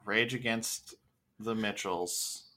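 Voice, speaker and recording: A man co-hosts a movie podcast in a casual chat, joking and sarcastic. His voice is on the low side, steady and sharp, and he speaks slowly.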